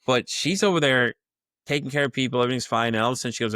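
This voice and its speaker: A man's voice: medium pitch, fast talker, no room sound, studio quality. A man telling a wild workplace story on a podcast, swearing freely and acting out the people in it with sudden jumps in voice. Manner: animated, profane, acts out the people in his story; laughs often. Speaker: podcast guest. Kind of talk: casual storytelling.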